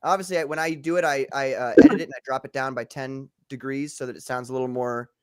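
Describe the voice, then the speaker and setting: A man's voice: mid-range voice, steady tone, fast talker, a crowd in the background. A young man, an interview guest, chatting casually in a rambling, loose way. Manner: rambling, restarts, swearing. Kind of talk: casual chat.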